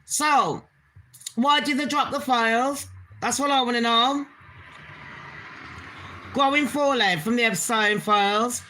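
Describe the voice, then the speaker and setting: A woman's voice: on the high side, takes it slowly, pauses often, pushed and bright, slight background noise. A woman hosting her own channel, ranting bluntly in casual commentary and swearing heavily with open scorn. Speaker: channel host.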